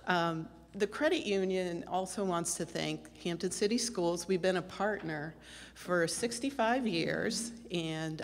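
A woman representing a sponsor, giving short, friendly ceremony remarks with a few hesitations. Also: lowish voice. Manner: friendly, a little hesitant, with ums. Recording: reverberant hall.

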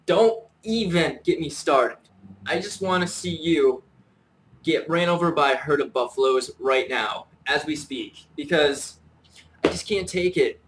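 A man's voice: on the high side, unhurried, a bit bright, slight background noise, low-quality recording. A man in a comedic rant to camera as a YouTuber, mock-furious and profane, sighing between lines.

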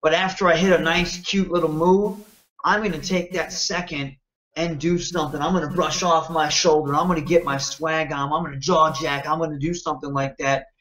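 A man from Michigan, a wrestler and interview guest, talking in an animated, confident, self-promoting way and often checking in with "you know what I mean.". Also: on the high side, moderate pace, rough recording. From Michigan, United States. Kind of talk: casual interview talk.

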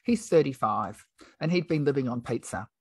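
A woman's voice: rumbling low, normal speed, creaky, breathy edge, no echo. A middle-aged woman, a podcast guest, telling a story in casual chat, frank and outspoken, acting out the lines of the people she quotes. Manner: animated, acts out quoted dialogue.

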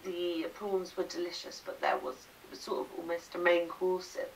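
A woman at a dinner party, chatting warmly and effusively as a guest. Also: fairly low pitch, level tone, normal speed, recorded from a distance, slight background noise, rough recording. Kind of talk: casual chat.

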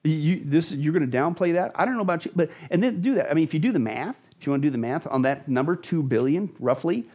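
Husky, animated preacher man. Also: fairly high pitch, fast, dull audio. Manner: emphatic, dramatic, repeats phrases for stress. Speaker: pastor, guest. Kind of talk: animated Bible teaching in conversation.

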